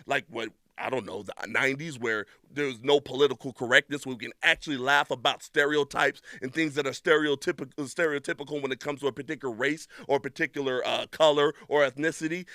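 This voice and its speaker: A man's voice: a little high, no room sound, clean studio sound. A man hosting a podcast segment, reading out viewer memes and reacting with mock-angry outbursts. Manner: animated, mock-angry outbursts, shouting at times.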